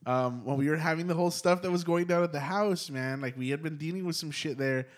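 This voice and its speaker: A man's voice: a little high, fast. A man hosting a casual podcast chat, telling a rambling, swear-laced anecdote in a studio. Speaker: podcast host. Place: recording studio.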